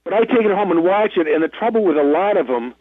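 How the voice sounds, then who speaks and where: Speaking fast with lively intonation, this man has a voice that sits high. He's an actor calling in for a casual interview, spinning rambling, self-deprecating stories over a tinny, dry phone line without echo.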